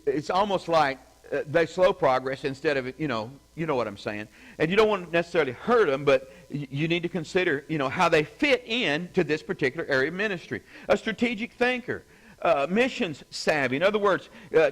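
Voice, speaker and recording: A man's voice: sits high, poor audio. A middle-aged man, a pastor, teaching a church class in a loose, conversational way, full of fillers and asides. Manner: conversational, rambling, lots of fillers and "you know". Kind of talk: informal teaching talk with anecdotes.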